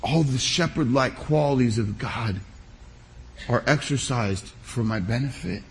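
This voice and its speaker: Man preaching with measured emphasis. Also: medium pitch, a little hiss or hum. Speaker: pastor. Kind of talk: sermon.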